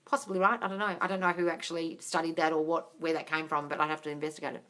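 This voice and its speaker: A young woman chatting casually on a livestream, answering viewer questions, excitable and swearing freely. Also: sits low, rapid-fire. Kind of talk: casual live chat.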